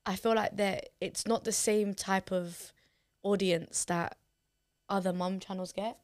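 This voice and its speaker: A woman's voice: mid-range voice, steady tone, a little slow. A woman co-hosting a podcast, rambling in casual chat, full of fillers and free with swearing. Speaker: podcast co-host.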